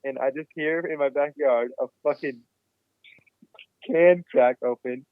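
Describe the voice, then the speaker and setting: A man telling a wild story in a casual podcast chat, cursing freely and getting animated. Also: mid-range voice, unhurried, no room sound. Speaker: podcast guest. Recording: dry, phone-like remote line.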